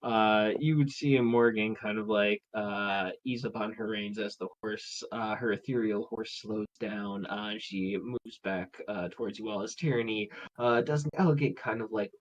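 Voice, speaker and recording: Guy dm narrating a tabletop game, lotsa uhs, lowish voice, online call mic. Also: fairly even intonation, normal speed, few pauses, poor audio. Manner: hesitant, many fillers. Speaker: game master. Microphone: own mic on online call.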